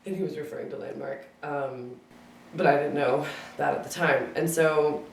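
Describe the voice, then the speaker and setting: Casual storyteller, mid pitch, heard from across a roomy space. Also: steady tone, moderate pace, gravelly, recorded from a distance, slight background noise. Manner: chatty, acts out quoted dialogue, many fillers of "like". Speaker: speaker sharing a memory at a gathering. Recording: roomy sound from away from the mic.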